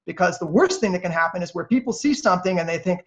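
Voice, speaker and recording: A man guest on a podcast, telling animated stories in a chatty way, full of fillers and restarts. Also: high voice, quick pace. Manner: lively, acts out quoted voices. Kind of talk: animated storytelling. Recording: dull lo-fi audio.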